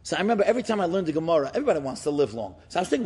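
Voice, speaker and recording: A man, a rabbi, giving a storytelling sermon in an animated way, often rising for emphasis. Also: high voice, rapid-fire, breathy edge. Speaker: rabbi and speaker.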